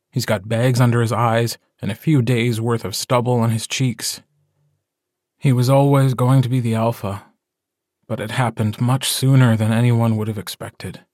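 A man narrating a story in a measured, even way in an audiobook. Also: mid-range voice, dry recording, clean studio sound. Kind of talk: scripted narration.

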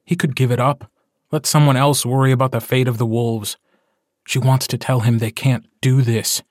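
A man narrating a story in a measured, even way in an audiobook. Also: medium pitch, no room sound, studio quality. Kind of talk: scripted narration.

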